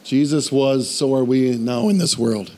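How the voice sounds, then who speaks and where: Speaking at a measured pace with a medium-pitched voice, this preacher tells a lively, self-effacing personal story for laughs. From there he rises into fervent exhortation, calling listeners to faith.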